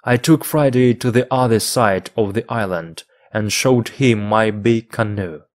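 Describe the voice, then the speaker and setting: Brief: male English teacher, low voice, very slow, deliberate reading for learners. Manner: measured, even phrasing for learners.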